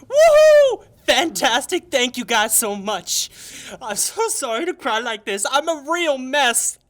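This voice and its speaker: A woman's voice: a little high, lively intonation, measured pace, bright, forceful tone. A woman playing an overjoyed young male actor who gushes and cries over a video call in a comedy sketch. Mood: gushing. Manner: gushing, weepy.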